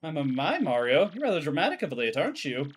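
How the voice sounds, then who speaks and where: A man's voice: a little high, wildly swooping pitch, fast, a little hiss or hum. A man voicing a grand, theatrical older lady from a game, drawling and condescending. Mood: haughty.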